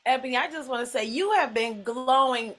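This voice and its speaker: Woman host, bright and slightly high voice, playful and chatty, heard over a video call. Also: a little fast. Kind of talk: casual video call chat.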